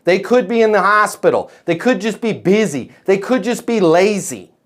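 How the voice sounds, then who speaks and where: A man's voice: sits high, animated, moderate pace. A man coaching salespeople on a live video call, emphatic and punchy, checking in with "right?" and "okay?" as he goes.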